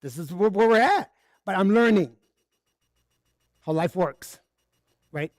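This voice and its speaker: A man's voice: high-pitched, lively intonation, slow pace, dry recording, clean studio sound. A man giving a candid, conversational sermon built on personal stories at a spiritual center service, acting out the dialogue as he goes. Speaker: spiritual speaker.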